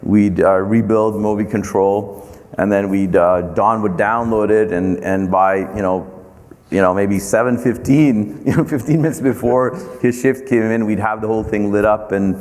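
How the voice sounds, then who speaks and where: Man, lowish voice, anecdotal interview talk, lots of restarts, reverberant room. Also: steady tone, darkish tone. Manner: anecdotal, halting with many restarts and fillers. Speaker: company founder and CEO. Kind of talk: storytelling interview.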